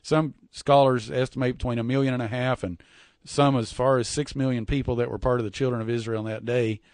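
A man's voice: medium pitch, fairly even intonation, a little mellow, dry recording. Folksy preacher man, dry sound. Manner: folksy, repeats words, reads scripture slowly and deliberately. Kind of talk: sermon-style Bible teaching.

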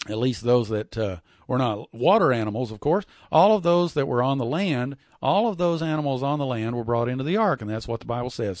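A man teaching from the Bible in a folksy sermon style, often repeating words and reading scripture slowly and deliberately. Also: mid-range voice, no room sound. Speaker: preacher.

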